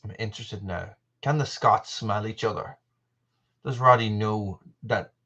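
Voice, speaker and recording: A man's voice: lowish voice, a little slow, pushed and bright, muffled recording. An Irish man hosting a live stream, chatting casually while reading viewer comments, often restarting his sentences. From Ireland. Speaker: channel host.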